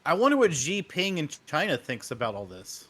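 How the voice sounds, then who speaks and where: A man's voice: fairly high pitch, wildly swooping pitch, brisk, fairly bright tone. A man co-hosting a casual comedy talk show, goofy and fond of pushing jokes and mock accents. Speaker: co-host.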